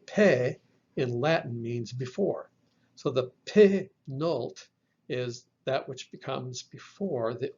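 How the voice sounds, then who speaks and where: Slow gravelly-voiced man teaching. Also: medium pitch, darkish tone, lo-fi sound. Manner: slow, careful explanations with spelled-out terms. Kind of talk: slide lecture.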